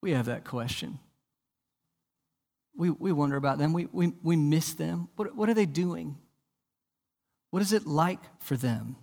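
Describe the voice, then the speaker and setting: A man's voice: lively intonation, measured pace, vocal fry, pauses often. Man preaching a sermon in a reverberant hall. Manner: asks rhetorical questions and repeats words as he starts sentences; swings from soft and low to loud and emphatic. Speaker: pastor. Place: church.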